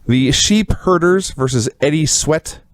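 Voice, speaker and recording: A man co-hosting a wrestling review show, chatting casually and recounting matches with animated storytelling. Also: on the high side, a little slow, no echo, studio quality. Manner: animated storytelling, quoting others with put-on voices. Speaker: podcast co-host reviewing wrestling.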